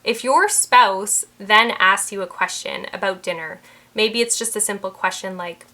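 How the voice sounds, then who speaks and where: Young female mindset coach, bright tone, earnest and explanatory, talking-head delivery. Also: medium pitch, unhurried. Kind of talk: talking-head advice video.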